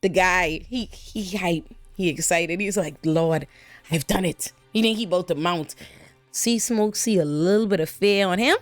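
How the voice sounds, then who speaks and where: A woman hosting a casual TV episode breakdown, talking in an animated, slangy, profane way with frequent exclamations. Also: fairly low pitch, normal speed, no echo, faint music behind. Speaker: show recap host.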